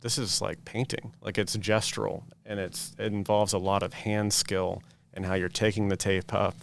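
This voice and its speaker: A man's voice: fairly low pitch, flat delivery, moderate pace, vocal fry, slight background noise. A man interviewing an artist in a gallery, asking questions in a conversational, enthusiastic way.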